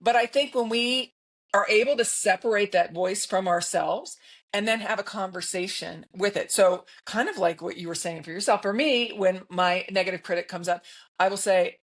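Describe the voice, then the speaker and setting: A woman in her fifties, a broadcaster guest on a podcast, telling stories in a lively, emphatic way and often checking in with "right?". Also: medium pitch. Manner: lively storyteller, emphatic, frequent "right?" tags. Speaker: guest, broadcaster and keynote speaker. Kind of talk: conversational podcast interview.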